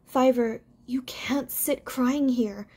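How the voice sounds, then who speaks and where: A woman's voice: high voice, slow, a little mellow, breathy edge, heavily acted. Woman voicing a firm, protective buck rabbit. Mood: urgent. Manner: firm, reassuring. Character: steady young male rabbit, protective leader.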